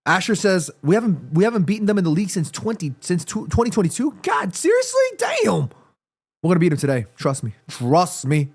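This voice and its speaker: A man with a stuffy nose hosting a live football watchalong stream, reacting excitedly to the match and reading viewers' chat messages aloud. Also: high-pitched, fast, hardly any pauses, husky, no room sound.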